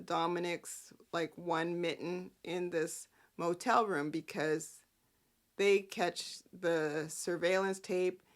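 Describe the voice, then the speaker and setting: A woman hosting a casual soap-opera recap, sassy and animated, often breaking into character quotes. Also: lowish voice. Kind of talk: casual chat.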